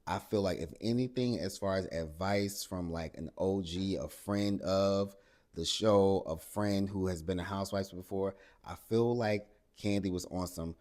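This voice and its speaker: A man hosting a casual reality TV recap, animated and exasperated, with salty asides and acted-out quotes. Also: low-pitched, normal speed.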